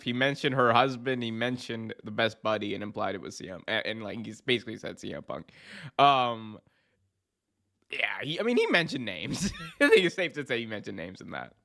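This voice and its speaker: Bright-voiced laid-back man. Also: medium pitch, sing-song, moderate pace. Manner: laid-back, drawling, laughs often. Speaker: podcast co-host. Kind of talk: casual wrestling chat.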